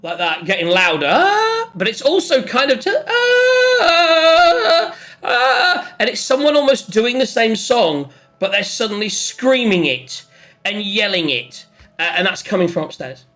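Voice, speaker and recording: A game master narrating a tabletop game in an animated way, often laughing and acting out shouts and hums. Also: mid-range voice, moderate pace, faint music behind.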